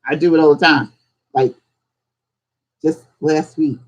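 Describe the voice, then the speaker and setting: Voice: mid-range voice, fairly quick, muffled recording. A host teaching casually on a live stream, talking conversationally and firing off strings of rhetorical questions. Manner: acts out little examples in different voices. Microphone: streaming setup.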